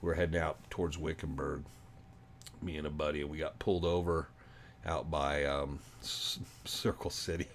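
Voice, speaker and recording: Deep-voiced rambling Arizona man, casual. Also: little pitch movement, normal speed, slight background noise. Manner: rambling, chatty, many ums. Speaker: livestream host. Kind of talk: casual livestream chat.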